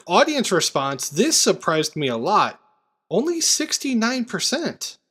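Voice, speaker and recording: A man with a fairly high voice hosting a casual movie podcast. He talks in a loose, chatty way, full of asides and self-corrections. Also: sing-song, pushed and bright, husky. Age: adult parent. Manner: chatty, quick asides and restarts. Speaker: podcast host.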